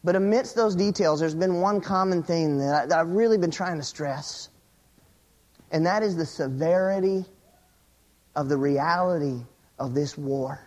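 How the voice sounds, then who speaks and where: A pastor's sermon from a man with a notably high voice. He tells a story, sinking into a hushed, low murmur for the suspense and lifting again as his excitement builds. He often stumbles over a first word and repeats it before going on. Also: unhurried. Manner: repeats words and restarts phrases.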